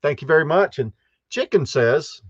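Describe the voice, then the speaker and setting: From a campground in Texas, a man hosts a live stream show, greeting viewers in a chatty, rambling way and giggling often. His voice is fairly high, husky and animated at normal speed, recorded lo-fi with no room sound.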